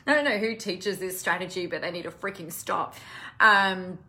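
A woman's voice: lowish voice, normal speed, pushed and bright. A woman business coach talking casually to camera, impassioned and blunt, swearing freely. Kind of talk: casual live-stream talk to camera.

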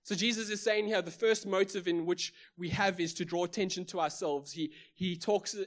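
Speaking fairly quickly with a steady tone and a voice that sits high, a South African pastor with a South African English accent preaches. He is emphatic, leaning on repetition and rhetorical questions.

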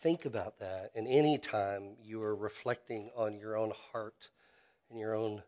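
A man's voice: fairly low pitch, fairly even intonation, measured pace, darkish tone. A man preaching a sermon as a pastor, talking in an earnest, conversational way and often restarting and repeating his words.

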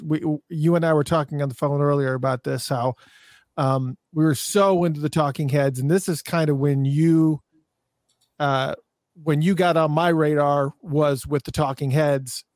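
A man's voice: a little high, steady tone, a little slow, darkish tone, no echo, studio quality. A man hosting an interview, asking questions in an enthusiastic, chatty way. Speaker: host. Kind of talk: casual interview chat.

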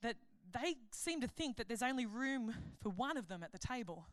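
A woman giving a sermon at a conference, chatty and animated, joking and laughing at her own stories. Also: a little high, normal speed, no room sound, clean studio sound. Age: adult. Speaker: conference speaker, pastor.

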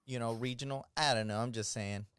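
Man co-hosting a podcast, easygoing, smooth voice, mid pitch. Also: steady tone, a little fast, fairly bright tone. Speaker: podcast co-host. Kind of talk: casual chat.

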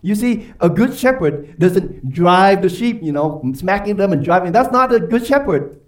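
A man preaching a sermon as pastor, emphatic and quick to pose rhetorical questions to his congregation. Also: high-pitched, animated. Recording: voice from far off the mic.

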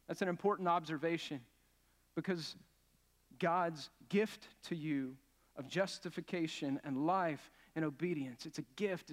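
A man with a slightly higher voice preaches a sermon, earnest and emphatic, and often asks his congregation questions. His voice carries a long reverb tail from a church sanctuary. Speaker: pastor.

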